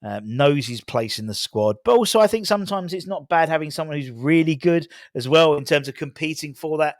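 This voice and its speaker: A man talks casually through football transfer news, rambling and restarting his sentences as he goes. His voice sits at an ordinary middle pitch and sounds dry, close to the mic, with little room sound. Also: no echo. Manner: rambling, many fillers and restarts. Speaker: football fan channel host.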